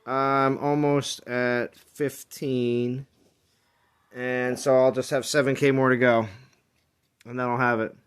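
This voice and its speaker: A man's voice: mid-range voice, flat delivery, slow pace, clean tone. A man hosting a casual game stream, chatting and teasing his friends on voice chat and talking through his game progress.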